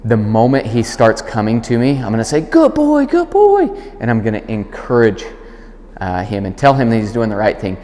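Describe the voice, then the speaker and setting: Low-voiced dog trainer in an echoey hall. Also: male voice, brisk. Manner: calm explaining voice, firm clear commands. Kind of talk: instructional demonstration. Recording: long hall reverb.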